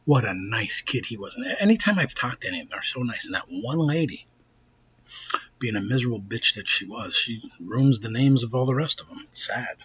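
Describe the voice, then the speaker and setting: A man with a New York accent telling a profane, excitable story while showing off a shopping haul in a casual vlog. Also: mid-range voice, fairly quick, husky, dull audio. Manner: blunt, profane, excitable, with asides and restarts.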